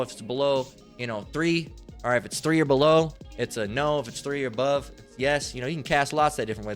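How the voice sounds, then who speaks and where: A man giving a casual Bible lesson in a rambling, slangy way, swearing freely. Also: medium pitch. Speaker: lay Bible teacher.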